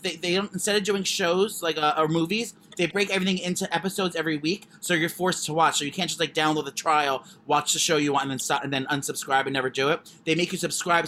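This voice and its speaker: A young man co-hosting a podcast, rambling through casual chat with lots of fillers and restarts. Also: fairly high pitch. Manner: rambling, fast, animated, many fillers. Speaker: podcast co-host. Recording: faint background noise.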